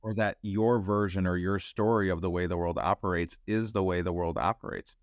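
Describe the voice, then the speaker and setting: Animated storytelling man, dry close sound. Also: fairly quick, dry recording. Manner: acts out quotes, rises sharply in pitch when excited. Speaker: podcast guest, entrepreneur.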